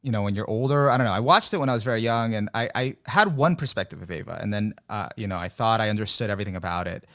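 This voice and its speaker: Lively-voiced man rambling in chat. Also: lowish voice, racing, hardly any pauses. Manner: rambling, many fillers, laughs often. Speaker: podcast guest. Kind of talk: casual chat.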